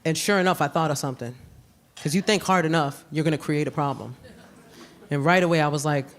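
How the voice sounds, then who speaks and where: A woman with a New York accent performing live stand-up comedy, brash and animated, with sudden loud jumps on her punchlines. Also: deep voice, brisk. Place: comedy club stage with audience. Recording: live club recording with room noise.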